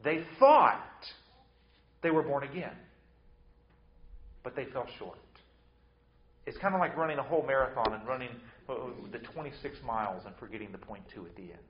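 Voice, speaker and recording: A male pastor preaching with force, swinging from hushed lines to loud ones and repeating words as he restarts. His voice carries a roomy echo, and the sound is slightly dull. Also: medium pitch, normal speed, pauses often, a little hiss or hum. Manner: emphatic preaching with sudden swings between loud and soft. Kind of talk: sermon.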